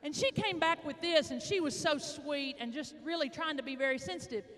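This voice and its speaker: A middle-aged woman with an Arkansas accent giving a motivational speech, telling folksy stories with dramatic pauses. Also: high voice, a bit bright. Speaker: motivational speaker. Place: large indoor hall, addressing an audience. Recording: echoey large hall.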